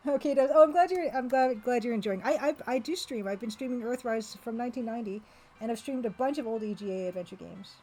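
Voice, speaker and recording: A woman's voice: fairly high pitch, fast, darkish tone, faint music behind, poor audio. A woman streamer chatting casually and laughing often as she plays a retro game, reading its text aloud. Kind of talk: casual live-stream chat while playing a retro game.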